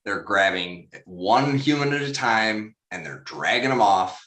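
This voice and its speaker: A man's voice: on the low side, animated, unhurried, bright, forceful tone, roomy sound. A man co-hosting a casual podcast chat, wry and joking. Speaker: podcast co-host.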